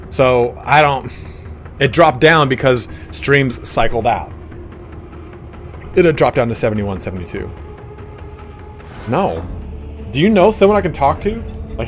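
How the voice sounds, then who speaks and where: A man's voice: mid-range voice, animated, moderate pace, long pauses, soft background music. A man streaming a game, chatting casually in a rambling, stop-start way and swearing now and then, on a desk microphone. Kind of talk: casual chat while gaming.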